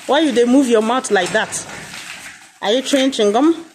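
A woman's voice: fairly high pitch, normal speed, a little hiss or hum. A woman farmer with a Nigerian accent, chatting playfully and coaxing her animals in a casual vlog.

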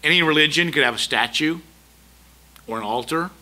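A man's voice: fairly high pitch, normal speed, pushed and bright. A middle-aged male pastor preaching a sermon, emphatic, with repeated rhetorical questions. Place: church sanctuary.

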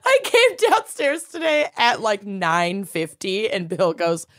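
A woman's voice: mid-range voice, huge pitch swings, slow pace. A woman co-hosting a podcast, chatting casually in a giggly, bantering way. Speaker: podcast co-host. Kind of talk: casual chat.

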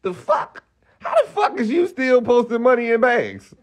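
A man's voice: very high voice, big pitch swings, moderate pace. A young man ranting on a phone live stream, heated and profane, firing off rhetorical questions. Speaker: livestreamer.

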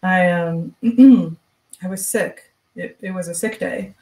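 A woman's voice: on the low side, slow pace, darkish tone, roomy sound. A woman reading as a nervous young clerk, hesitant. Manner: hesitant, stammering. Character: anxious young male store employee. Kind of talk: reading fiction aloud.

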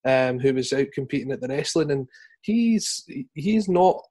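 A man hosting a casual podcast interview, asking steady questions and murmuring agreement often. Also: medium pitch, moderate pace, husky. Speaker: podcast host.

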